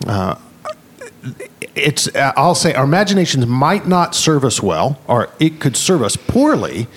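A man's voice: mid-range voice, big pitch swings, unhurried, slight background noise. A man from the American South explaining ideas about faith in a teacherly, reasoned way during a casual discussion.

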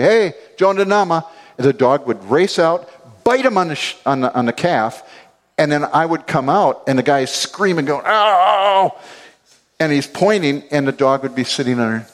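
A middle-aged man preaching a sermon, telling stories with acted-out quotes and chuckles. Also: medium pitch. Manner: animated storytelling with acted-out quotes and laughs. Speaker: pastor.

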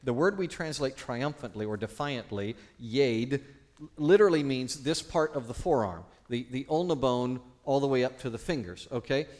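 A man preaching a sermon as pastor, teaching and questioning the congregation, swinging between loud emphasis and hushed tones. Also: medium pitch, moderate pace.

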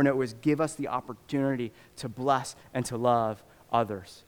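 A man's voice: medium pitch, steady tone, normal speed. Impassioned male pastor preaching in a reverberant hall. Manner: impassioned, acts out voices of believers, rising to shouts. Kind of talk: sermon.

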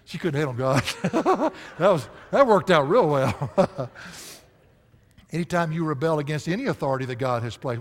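Folksy pastor in an echoey hall. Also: male voice, a little high, animated, moderate pace. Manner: folksy storytelling, laughing, bursts of loud emphasis. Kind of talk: sermon. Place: church sanctuary. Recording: echoey church hall reverb.

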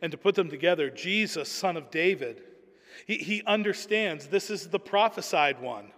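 A man's voice: fairly high pitch, expressive, moderate pace, fairly bright tone, long reverb tail. A man preaching a sermon in an earnest, emphatic way, often repeating words as he builds a point.

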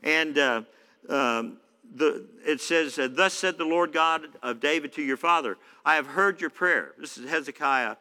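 Man, pastor, casual sermon, bright forceful voice, long hall reverb. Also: a little high, a little slow, smooth. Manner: conversational preaching with many fillers. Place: church hall. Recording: echoey church hall.

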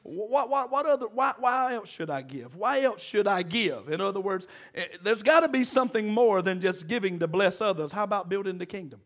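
A man delivers a sermon. His voice sits high for a man, and he calls out to the congregation for answers and jokes with them in a homespun way. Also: expressive, brisk, hardly any pauses, a bit bright. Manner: call-and-response exhorting, folksy and joking. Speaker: preacher.

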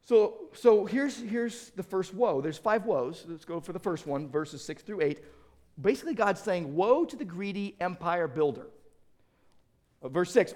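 A middle-aged male pastor preaching an animated sermon, acting out quoted voices and often restarting his sentences. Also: on the high side, normal speed.

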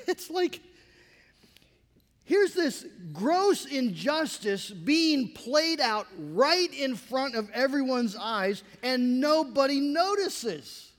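A man preaching a sermon as a pastor, in a conversational, animated way with asides to the congregation. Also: extremely high pitch, drawn-out words, long reverb tail.

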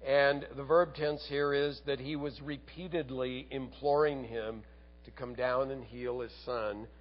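A man preaching a sermon as a pastor, earnest, asking rhetorical tag questions and sinking to quiet emphasis. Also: medium pitch, fairly even intonation, a little slow, lo-fi sound.

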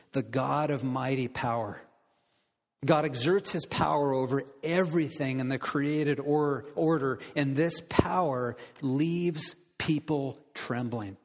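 A man preaching an earnest, deliberate sermon as pastor, putting direct questions to his listeners. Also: mid-range voice. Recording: long reverb of a large hall.

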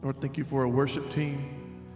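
A man leading a spoken prayer in church at a steady, even pace. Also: medium pitch, moderate pace. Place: church sanctuary. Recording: roomy hall with music underneath. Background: worship music.

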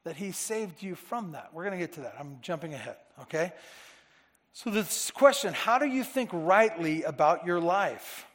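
A man's voice: high-pitched, animated, normal speed, fairly bright tone. A man preaching a Sunday-morning sermon to his church, earnestly repeating phrases for emphasis. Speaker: pastor. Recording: long reverb of a large hall.

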